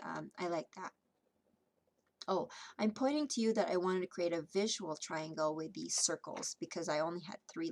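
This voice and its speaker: A woman vlogger casually narrating her scrapbook layout process, chatty and relaxed with frequent ums. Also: lowish voice, gravelly.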